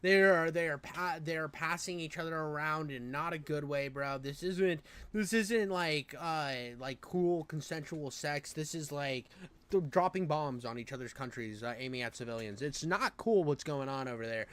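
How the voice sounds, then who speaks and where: A man from the United States ranting as co-host on a commentary show, loud and profane, rambling with many restarts. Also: a little high, normal speed, smooth.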